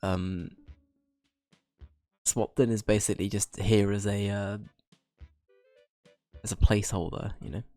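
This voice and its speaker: A man's voice: fairly low pitch, little pitch movement, measured pace, pauses often, dark tone, dry recording, soft background music. A man streaming a game and chatting with viewers, a bit bunged up from being slightly ill, rambling and addressing chat by name.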